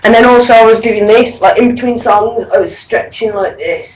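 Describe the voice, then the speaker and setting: A woman's voice: a little high, a little fast, lo-fi sound. Gushing, rambling woman vlogger. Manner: gushing and rambling, full of ums and likes. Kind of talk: casual to-camera gig review.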